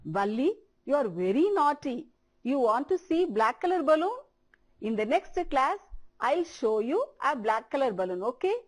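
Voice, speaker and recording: A woman teacher with an Indian English accent giving a televised primary-school English lesson, speaking slowly and repeating words for children to copy. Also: high-pitched, very animated.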